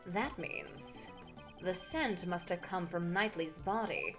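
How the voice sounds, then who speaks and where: A woman voicing a composed, formal male prosecutor from a game, with a lowered, measured delivery. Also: animated, over music. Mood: deductive.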